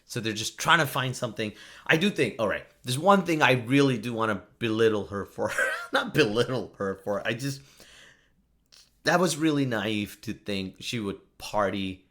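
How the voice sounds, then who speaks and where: A man's voice: medium pitch, fairly bright tone. Chatty guy rambling on his own podcast, jokey, voice swings up and down a lot. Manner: joking, rambling, laughs often. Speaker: podcast host. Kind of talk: solo podcast monologue.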